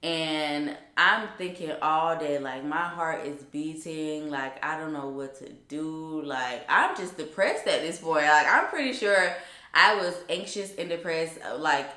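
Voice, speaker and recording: A woman's voice: sits low, bright, forceful tone. A young woman telling a personal story in a chatty, emphatic vlog style, full of fillers. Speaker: vlogger. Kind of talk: casual storytime. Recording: roomy echo.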